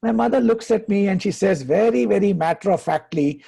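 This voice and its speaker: A man, a happiness coach giving advice and telling stories in a deliberate way, slowing down for emphasis. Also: high voice, lively intonation, vocal fry, mellow, husky. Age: 50s. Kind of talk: conversational advice, storytelling.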